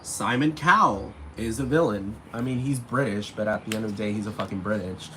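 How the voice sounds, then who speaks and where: A young man rants straight into the camera, swearing freely and sounding fed up. His voice has a bright, forceful edge, and a faint hiss of ambient noise sits underneath. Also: on the low side, a little fast. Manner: profane, exasperated ranting with mocking mimicry. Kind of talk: ranting vlog monologue.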